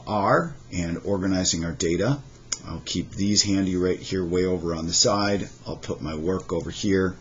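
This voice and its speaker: A man teaching a chemistry lesson, methodically walking through worked examples. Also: low-pitched. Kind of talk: recorded lesson lecture. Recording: dull lo-fi recording, faint noise.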